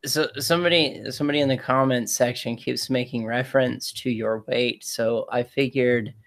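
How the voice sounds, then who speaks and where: A man's voice: mid-range voice, steady tone, moderate pace, fairly bright tone. A man rambling through a casual live-stream chat as a co-host, reading out viewer comments, laughing often and trailing off with fillers.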